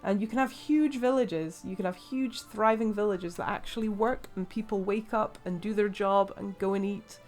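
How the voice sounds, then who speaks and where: An English woman chatting through a gameplay session in a relaxed, rambling way. She talks with plenty of fillers and asides. Faint game music sits under her voice. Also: mid-range voice, normal speed, hardly any pauses. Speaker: let's play host. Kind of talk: casual gameplay commentary.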